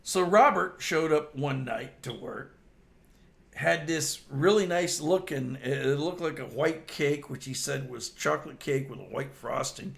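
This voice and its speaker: A man's voice: a little high, a little slow, gravelly. An older man casually telling stories about his old workplace pranks and laughing often as he goes. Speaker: storyteller host. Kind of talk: casual storytelling.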